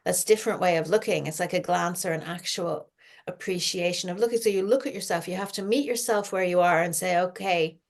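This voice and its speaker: Gentle woman talking healing. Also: on the low side, fast talker. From Ireland. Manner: gentle, reflective, talks with her audience. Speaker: spiritual healing podcast host. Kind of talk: casual spiritual chat.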